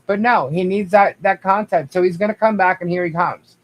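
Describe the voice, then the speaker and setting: A man's voice: sits high, brisk, low-quality recording. A man speaking as a guest on a livestream, rambling with frequent restarts and addressing the viewers directly. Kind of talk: casual livestream chat.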